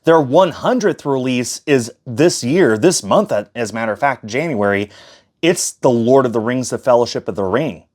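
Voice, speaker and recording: Guy chatting thru his disc shelf, lots of uhs, keeps correcting himself, mid pitch. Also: lively intonation, moderate pace, a little mellow. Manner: chatty, fillers and self-corrections. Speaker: collector showing his shelf. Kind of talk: casual collection tour vlog.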